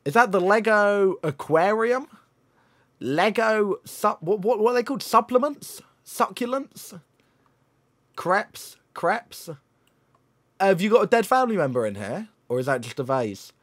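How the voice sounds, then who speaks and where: A young man, live-streaming and teasing viewers in excitable, joking banter. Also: sits high, a little slow. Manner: teasing, excitable, swears and laughs often. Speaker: livestreamer. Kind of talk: casual live-stream commentary.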